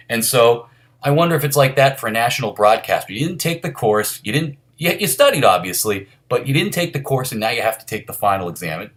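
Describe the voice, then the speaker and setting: A man with a mid-range voice chats on a casual sports podcast. He spins anecdotes and thinks out loud, with plenty of fillers along the way. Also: mid-range voice, expressive, fairly quick. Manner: storytelling, reflective, filler-heavy. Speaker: podcast co-host.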